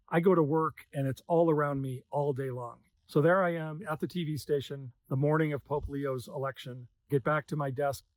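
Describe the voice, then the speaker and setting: A man's voice: a little high, no room sound. A man in the news business sharing a personal story in an earnest, emotional way. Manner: earnest, emotional, soft-spoken at times. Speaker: news sales manager. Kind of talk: personal reflection.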